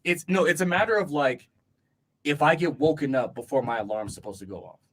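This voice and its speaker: A man's voice: on the high side, a little fast. A man co-hosting a casual podcast chat, rambling with lots of fillers and laughing easily. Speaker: podcast co-host.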